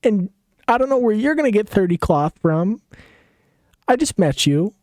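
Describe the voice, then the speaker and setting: Guy doing a whiny nagging wife voice, way up high, pleading. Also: very animated, moderate pace, darkish tone, no room sound, studio quality.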